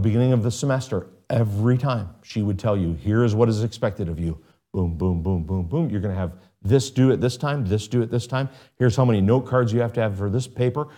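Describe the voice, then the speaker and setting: A middle-aged man preaching a sermon in an earnest, conversational way, with sudden jumps in pitch and volume. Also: mellow. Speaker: pastor.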